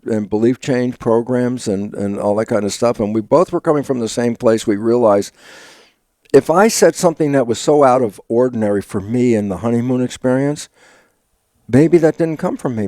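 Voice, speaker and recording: An older man, a biologist guest in an interview, telling stories with lively acted-out quotes of his own inner dialogue and frequent laughs. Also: mid-range voice, normal speed, no echo. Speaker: guest, stem cell biologist. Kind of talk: animated storytelling interview talk.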